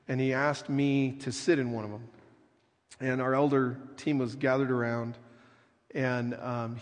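A man preaching a sermon as pastor, speaking slowly and earnestly, often dropping to a soft, quiet delivery for emphasis. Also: medium pitch, in a large hall. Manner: slow, earnest preaching with soft dramatic drops.

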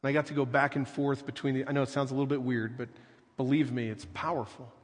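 Guy preaching a sermon, slow and earnest, goes quiet for emphasis, lots of echo like a big church. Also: mid-range voice, flat delivery. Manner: slow, earnest preaching with soft dramatic drops. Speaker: pastor.

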